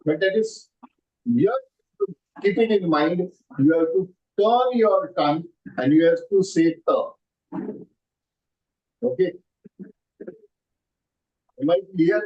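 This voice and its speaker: A man with an Indian English accent, his voice pitched a little high, teaches an online class. He explains step by step, repeats each form and keeps asking whether everyone has followed. The audio is slightly muffled and lo-fi, like a video call. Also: animated, slow pace, pauses often. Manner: explains patiently, repeats words and checks understanding. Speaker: Sanskrit teacher.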